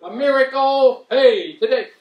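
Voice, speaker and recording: Casting: a man doing high-voiced Mid-comic, rambling self-mocking stand-up, roomy room. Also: measured pace, dull audio, background noise. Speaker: stand-up comedian. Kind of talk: stand-up comedy set. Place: community event room. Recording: roomy hall, mic heard from a distance.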